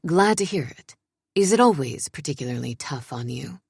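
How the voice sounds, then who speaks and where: A woman's voice: deep voice, lively intonation, moderate pace, creaky, a little mellow, breathy edge, no echo, clean studio sound, pitched below the performer's own voice, exaggerated voice. A woman voicing a stern, grave king who speaks in clipped, commanding sentences.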